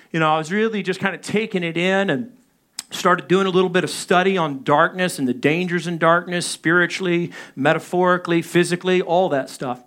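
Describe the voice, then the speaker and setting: A man in his thirties preaching a sermon, telling a personal story with animated delivery and acting out his own panicked calls. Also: high-pitched. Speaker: pastor.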